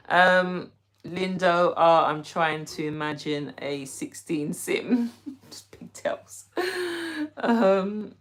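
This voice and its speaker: British woman, young adult, livestream host, giggly casual chat, lowish voice. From Britain. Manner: chatty, giggly, answers viewers by name.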